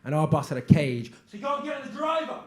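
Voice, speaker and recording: A man performing a stand-up comedy set on stage, telling stories flatly with sudden shouted lines. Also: sits high, quick pace, crowd noise. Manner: deadpan storytelling with sudden shouted punchlines.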